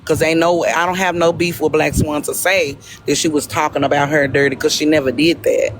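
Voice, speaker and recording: A woman's voice: low voice, steady tone, fairly quick, slight background noise. A woman speaking in a heated live-stream argument, confrontational and accusatory. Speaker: live-stream debate participant.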